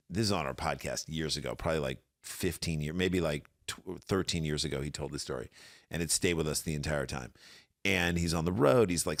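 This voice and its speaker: A man's voice: extremely low pitch, dry recording, clean studio sound. A man in his fifties, a comedian and podcast guest, telling stories in rambling casual chat full of fillers. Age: 50s. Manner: rambling storytelling with many fillers.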